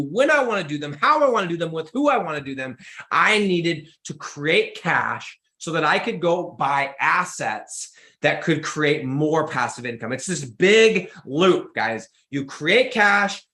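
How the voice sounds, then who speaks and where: An excitable young man talks straight to his audience, stacking up repeated phrases as his energy climbs. His voice is bright and forceful, sitting a little high for a man. The sound carries a noticeable room echo. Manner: excitable, emphatic, repeats words when pumped. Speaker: podcast host. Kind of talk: energetic motivational monologue.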